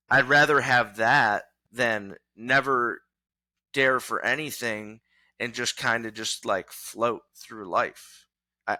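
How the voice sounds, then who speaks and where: Young male athlete guest, profane and emphatic, tense bright voice, dry close recording. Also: mid-range voice, no echo. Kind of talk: casual podcast chat.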